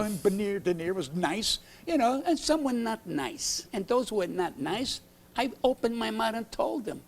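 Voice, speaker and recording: An older male comedian on a late-night talk show set, telling aggrieved stories in a brash, blunt way and acting out the exchanges. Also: high voice. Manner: brash, aggrieved storytelling, acts out quoted exchanges. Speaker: comedian guest. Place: TV studio set.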